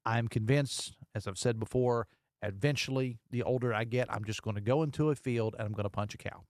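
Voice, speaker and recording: A man's voice: medium pitch, brisk, a little mellow, dry recording. A man hosting a casual call-in radio show from a studio, joking and reading listener texts aloud. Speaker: radio talk show host. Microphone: studio microphone.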